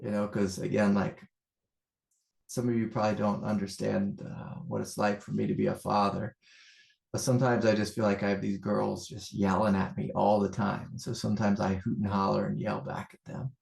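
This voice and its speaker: A man, a spiritual teacher, telling a story to a group in an animated way and then speaking slowly and softly about awareness. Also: fairly low pitch, creaky, roomy sound. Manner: animated storytelling, loud mock-yelling; slow, soft, meditative.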